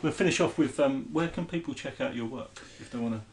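Man host, relaxed, laughs easily, echoey room, faint hiss. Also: mid-range voice, fast talker. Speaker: host of a poetry talk. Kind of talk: casual chat.

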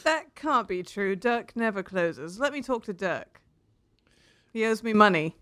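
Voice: medium pitch, lively intonation, unhurried, a bit bright, no echo, studio quality. A player in a tabletop game, chatting playfully. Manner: playful, bantering. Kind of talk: casual game chat.

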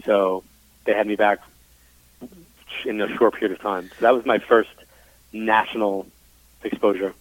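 Over a dry, tinny, phone-like line, a New York man who works as a psychic medium tells his story in a casual interview. His voice is fairly low and fairly even, with a moderate pace and long pauses. He's chatty and frank, packs in fillers, and acts out the dialogue he quotes.

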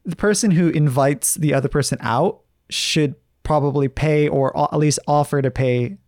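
A man co-hosting a casual chat, calm, asking questions and agreeing briefly. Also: on the high side, normal speed, no echo, studio quality. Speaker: podcast co-host.

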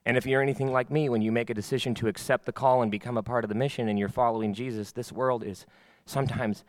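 A man's voice: medium pitch, steady tone, quick pace, dry recording. A man pastor giving a sermon in a church, moving from chatty, self-mocking stories to fervent preaching. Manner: conversational, self-mocking storytelling.

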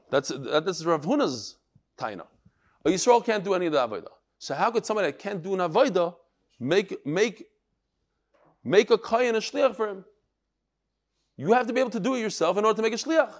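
Lively high-voiced man teaching Talmud. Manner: animated, acts out quoted speakers. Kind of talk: Talmud class lecture.

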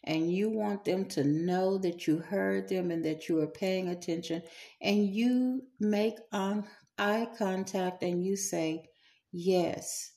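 A woman preaching a sermon in a slow, earnest way, with soft pauses and fillers. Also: medium pitch, gravelly.

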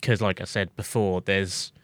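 A man narrating as game master in a relaxed, filler-heavy way. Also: sits low, normal speed, dry recording, clean studio sound. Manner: relaxed, many "like" and "you know" fillers.

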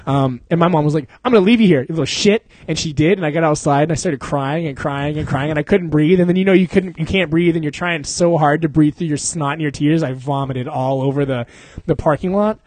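A man's voice: on the high side, steady tone, a little fast, a little mellow, no room sound. A man from Florida hosting a casual podcast chat, telling stories animatedly, swearing freely and laughing often. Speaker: podcast host.

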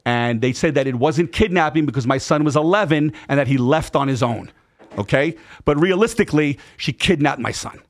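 A middle-aged man telling a personal story in a casual interview, emphatic and animated. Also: fairly high pitch, a little fast. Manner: emphatic, animated retelling with acted quotes and profanity. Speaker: podcast guest.

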